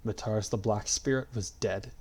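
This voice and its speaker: A man narrating a fan-fiction story at a steady, unhurried pace. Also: lowish voice, husky.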